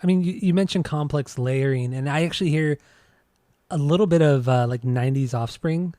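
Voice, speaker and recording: Rambling podcast dude reviewing music, mellow voice, dry close mic. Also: male voice, fairly high pitch, fairly quick, dry recording. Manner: rambling, enthusiastic, apologetic restarts. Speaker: podcast co-host. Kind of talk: casual music review chat.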